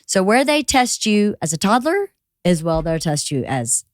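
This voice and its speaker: A woman's voice: mid-range voice, big pitch swings, moderate pace, dry recording. Earnest, reflective mother on a podcast. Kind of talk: casual podcast chat.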